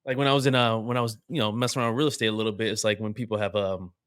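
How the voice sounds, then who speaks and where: A man's voice: lowish voice, steady tone, racing, fairly bright tone, smooth, no room sound, clean studio sound. A young adult man co-hosting a podcast, chatting casually, joking and rambling with lots of fillers. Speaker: podcast co-host. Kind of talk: casual chat.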